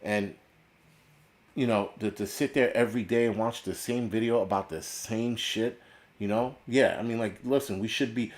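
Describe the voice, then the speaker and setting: A middle-aged man from the United States with a fairly low voice, talking in a loose, profane livestream rant. He swears constantly, repeats himself and restarts sentences as he goes. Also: a little mellow. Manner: blunt, swearing, repetitive restarts. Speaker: prepper channel host.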